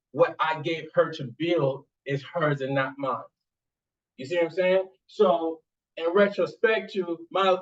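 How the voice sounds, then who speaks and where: A man telling a casual, rambling story in street slang, often repeating his catchphrases and growing emphatic at times. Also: high-pitched. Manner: rambling, repeats "you see what I'm saying". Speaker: vlogger and college student. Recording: distant, muffled lo-fi sound.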